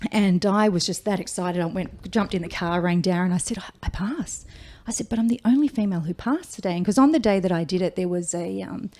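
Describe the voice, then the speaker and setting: Australian woman firefighter, 40s, gravelly, warm-toned, chatty storyteller. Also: mid-range voice, fast talker, few pauses. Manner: chatty, animated retelling with quoted speech. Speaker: guest, firefighter. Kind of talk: casual interview storytelling.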